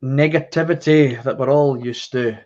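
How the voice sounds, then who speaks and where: A man's voice: mid-range voice, moderate pace. Cheeky Scottish man hosting a podcast. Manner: cheeky, jokey delivery. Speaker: podcast host. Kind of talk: casual podcast chat with ad reads. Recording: slightly dull lo-fi sound.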